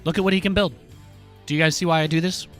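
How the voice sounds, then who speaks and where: Animated man streaming game commentary. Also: on the high side, fast talker, faint music behind. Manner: animated, playful trash talk. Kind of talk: live gameplay commentary. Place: home streaming room.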